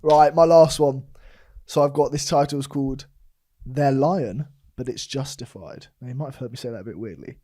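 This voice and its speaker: A man's voice: mid-range voice, fast, dry recording, studio quality. A man co-hosting a chat show, telling office stories and laughing often. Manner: laughs often, animated when telling a story. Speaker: podcast co-host. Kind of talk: casual chat, storytelling.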